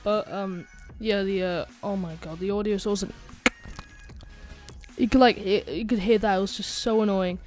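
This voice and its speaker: A woman's voice: medium pitch, steady tone, normal speed, music in the background. A woman telling a casual storytime tale into a desk microphone, rambling with lots of fillers, restarts and giggly asides. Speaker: channel host telling a story.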